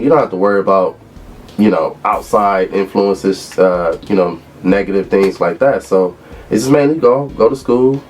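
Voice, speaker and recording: A man in his thirties from Los Angeles, a former college football player, relaxed as he tells stories in an interview. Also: low-pitched. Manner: relaxed storyteller who acts out quotes. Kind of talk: interview reminiscing.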